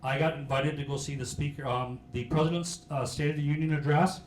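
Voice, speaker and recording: A middle-aged man gives a casual, joking talk to a local audience, pausing often with fillers. His voice sits a little high. The room is echoey, with faint hiss behind him. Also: fairly even intonation. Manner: folksy, joking, halting with fillers. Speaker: county sheriff giving a history talk. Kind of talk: informal public talk. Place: meeting hall. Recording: roomy hall with faint hiss.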